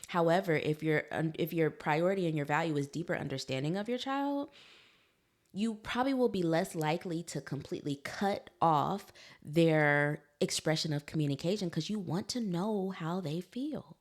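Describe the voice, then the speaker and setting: A woman's voice: fairly low pitch, lively intonation, normal speed. A woman, hosting a solo parenting podcast in a conversational way, laughing easily and talking to her listeners directly. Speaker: podcast host, psychologist.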